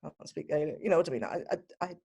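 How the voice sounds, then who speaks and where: Gravelly, mellow British woman reminiscing. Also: low-pitched. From Britain. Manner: reflective, measured storytelling. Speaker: interviewee. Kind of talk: personal reminiscence.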